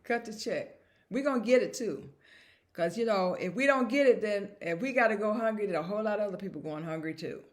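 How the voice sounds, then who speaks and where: Woman vlogging straight to camera, keeps repeating her point, chuckles at herself, middle-pitched voice. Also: fairly quick. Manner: emphatic and repetitive, chuckling at herself. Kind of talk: casual spoken monologue.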